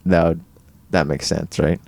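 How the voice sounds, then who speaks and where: A man co-hosting a podcast in casual comedic chat, halting and thinking aloud with many fillers. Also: low-pitched, fairly even intonation, creaky, a little mellow, no echo. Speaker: podcast co-host.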